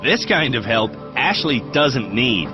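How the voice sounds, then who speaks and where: A man's voice: medium pitch, sing-song, measured pace. A man narrating a reality driving show in a wry, dryly sarcastic way. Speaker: host and narrator. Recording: dull lo-fi TV audio with music.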